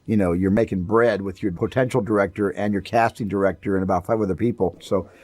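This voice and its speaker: A film director speaks in a slightly low voice, reminiscing in a documentary interview. His delivery is loose and anecdotal, with small restarts as he finds his words. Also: fast talker, no echo. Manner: relaxed, anecdotal, repeats words as he thinks. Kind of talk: documentary interview, recalling the production.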